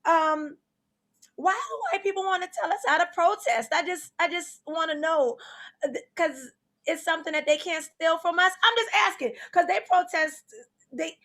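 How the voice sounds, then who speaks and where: A woman with a New Orleans accent hosting a comedy show, animated and laughing through her jokes. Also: very high voice, moderate pace. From New Orleans, Louisiana.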